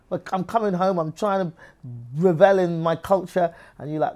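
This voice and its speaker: A woman's voice: deep voice, fairly quick, darkish tone. A woman with an English accent, a comedian talking as an interview guest, who acts out other people's voices as she tells stories. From England. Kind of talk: lively interview conversation.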